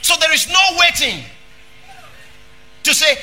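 A man preaches with a high, piercing, bright voice. He repeats phrases for emphasis and often rises into a shout. Soft music plays underneath. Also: expressive, moderate pace. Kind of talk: sermon.

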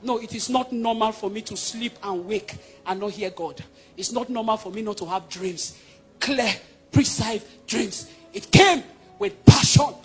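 A man from Nigeria with a Nigerian accent preaching a sermon, emphatic and swinging between loud declarations and hushed passages. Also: high voice, a little slow, husky, faint music behind.

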